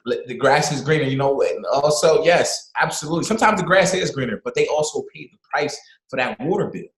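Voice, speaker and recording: A fast-talking, animated man speaking as a guest in a casual conversation. He sounds motivational and emphatic, often repeating himself for stress. His voice rings out in a roomy, echoey space. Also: on the high side. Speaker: podcast guest. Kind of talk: casual video-call conversation.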